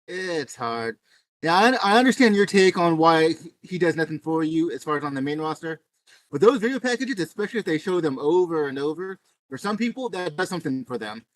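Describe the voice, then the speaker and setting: Male co-host, somewhat high voice, dry close sound, laid-back short replies. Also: animated, fairly quick, no echo. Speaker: wrestling show reviewer, co-host. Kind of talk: casual chat.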